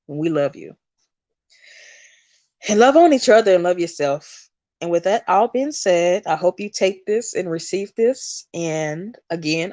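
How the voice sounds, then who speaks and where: A woman's voice: lowish voice, a little mellow, dry recording. A woman hosting a spiritual livestream. She sounds emotional and speaks in emphatic, repetitive phrases in a channeling style.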